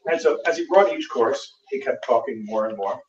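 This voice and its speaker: A man's voice: medium pitch, animated, normal speed. An American man, a Catholic priest, giving a conference talk and telling a travel story with dry humor and plenty of "uh" fillers. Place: lecture hall. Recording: roomy, distant, dull lecture-hall recording with faint noise.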